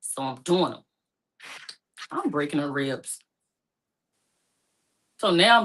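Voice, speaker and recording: A woman recounting a painful personal story in casual, informal speech, her voice rising high and loud when distressed. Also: expressive, slow pace, pauses often. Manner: speaks casually with informal phrasing. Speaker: guest telling her story.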